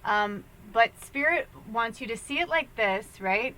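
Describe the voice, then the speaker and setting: A woman's voice: on the high side, animated, a little slow, sharp tone, low-quality recording. A young woman talking casually as a spiritual medium, rambling and laughing as she jumps between thoughts. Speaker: spiritual medium giving a tarot reading. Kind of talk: casual spiritual guidance talk.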